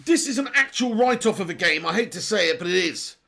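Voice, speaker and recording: A high-pitched, bright young man rants through a live football watch-along with his voice strained and sore. His tone is gravelly and husky, and he keeps circling back to the same complaint in exasperation. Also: expressive, fairly quick. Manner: ranting, exasperated, repeats himself.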